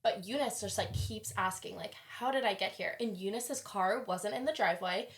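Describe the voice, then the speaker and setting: A young woman, a college student, telling a long story in casual chat, lively and full of "like," acting out what others said. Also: mid-range voice, normal speed. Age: young adult. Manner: animated, heavy use of "like", acts out quoted voices. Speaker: podcast guest.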